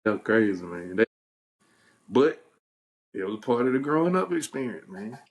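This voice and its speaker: This podcast host is a young man with a fairly low-pitched voice at a normal speed. Chatting casually, he recounts a story from his childhood, animatedly performing the quoted voices of its characters and laughing at himself.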